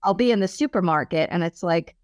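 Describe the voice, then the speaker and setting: A woman's voice: lowish voice, expressive, a little fast, a little mellow. A woman from Long Island with a subtle New York accent, chatting as an author guest on a video call, self-deprecating and laughing often. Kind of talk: casual interview chat.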